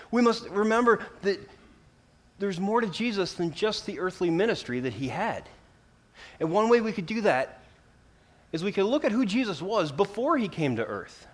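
A man preaching a sermon, earnest and emphatic, swelling louder for key lines and dropping low for solemn ones. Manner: earnest and emphatic, rising and falling in volume for emphasis.

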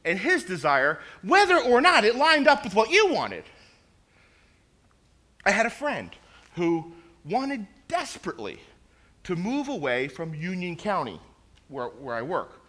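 Lively, bright-voiced preaching man. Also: high voice. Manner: animated storytelling, repeats words, acts out quoted voices. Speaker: pastor. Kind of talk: sermon.

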